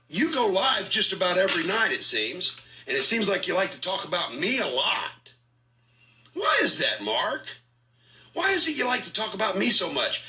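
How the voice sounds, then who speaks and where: Loud, taunting man on a mocking rant. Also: high voice, poor audio. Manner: taunting, mocking, profane, repeats himself. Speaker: online commentator in a feud. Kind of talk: confrontational rant.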